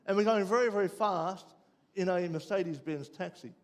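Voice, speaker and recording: An Australian man preaching, telling a personal story with lively ups and downs before dropping quiet and low for the lesson. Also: moderate pace. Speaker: pastor. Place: church.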